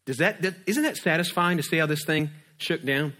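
Pastor, man, preaching in a lively storytelling way, slightly higher voice. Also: fairly quick. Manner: lively storytelling, acting out scenes. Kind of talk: sermon.

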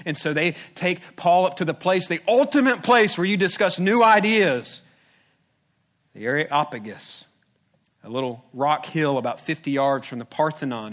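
A man's voice: mid-range voice, fairly bright tone. A man preaching a sermon as a pastor, conversational and humorous, with rhetorical questions.

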